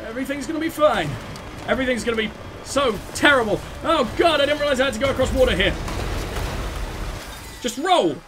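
A man's voice: very high-pitched, expressive, brisk, long pauses, background noise. A man casually commenting on his gameplay, talking to himself and swearing at the game in exasperation. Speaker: let's play host.

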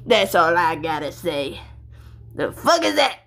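A woman's voice: lowish voice, big pitch swings, a little slow, creaky, fairly bright tone. A woman giving crude comedic gameplay commentary, cackling often and doing mock-tough "daddy" banter. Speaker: let's play gamer. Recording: noisy, with mouse clicks.

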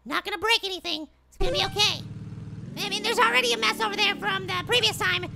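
A man voicing a tiny, excitable male cartoon apple who plays a mobile game, with frustrated outbursts and silly alliterative exclamations. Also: very high-pitched, quick pace, gravelly, background noise, exaggerated voice. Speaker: let's play gamer. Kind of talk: cartoon character game commentary. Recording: loud music under the voice.

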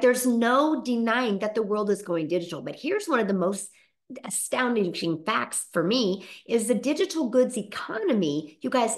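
High-ish voiced mom-aged woman, peppy webinar sales pitch, keeps saying you guys. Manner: upbeat, persuasive, addresses audience as "you guys". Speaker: webinar host.

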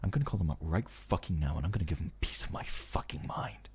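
A man's voice: low-pitched, animated, quick pace, creaky, a little mellow, slightly rough. A man streaming, chatting casually and ranting in a profane, mock-outraged way.

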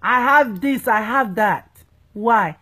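A woman's voice: on the high side, slow, bright, forceful tone, breathy edge. A woman evangelist, preaching emphatically and playfully, often checking that listeners understand. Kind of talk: preaching talk.

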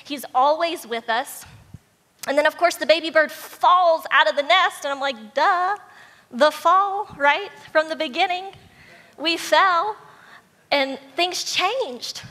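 Woman pastor preaching, acts out the story voices, bright tone, echoey church hall. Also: high-pitched, a little slow. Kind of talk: sermon with storybook retelling. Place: church sanctuary. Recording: long church hall reverb.

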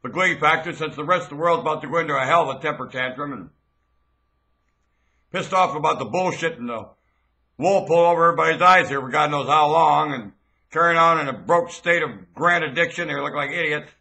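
A man's voice: fairly high pitch, brisk, pushed and bright. A man rambling through proclamations into a webcam, spelling out words as he goes. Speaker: vlogger.

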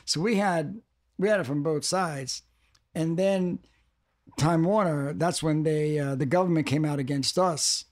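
An older man with a fairly high voice rambles as a podcast guest in casual interview talk, speaking at a measured pace. He restarts sentences and repeats himself for emphasis, in a dry, studio-quality recording.

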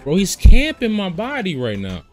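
A young man playing a horror game and commenting, often yelling and swearing at the game. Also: high-pitched, wildly swooping pitch, moderate pace, soft background music. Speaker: gaming streamer. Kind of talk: gameplay commentary.

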